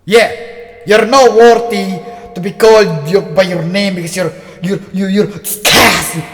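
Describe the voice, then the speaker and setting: A man reviewing anime who announces joke awards like a theatrical show host, swinging between loud shouts and low mutters. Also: fairly even intonation, a little slow. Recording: long reverb with music underneath.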